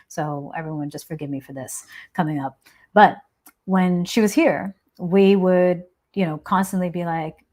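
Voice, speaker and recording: Chatty woman with a lowish voice. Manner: casual and chatty, frequent "um" and tag "right?"; frank, expressive, explanatory. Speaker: host answering viewer questions. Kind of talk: live-stream Q&A advice talk.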